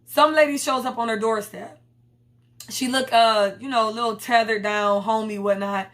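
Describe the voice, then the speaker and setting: A woman's voice: on the high side, normal speed. A woman recapping a TV episode in casual, profane chat, bluntly retelling scenes in her own words and voices. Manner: blunt, profane, animated storytelling with quoted voices. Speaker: TV recap host.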